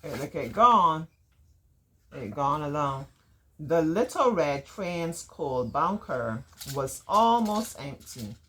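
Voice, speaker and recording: A woman's voice: low-pitched, very animated, slow, fairly bright tone. A middle-aged woman with a Barbadian accent reading a storybook aloud to children, playful and often laughing, with chatty dialect asides.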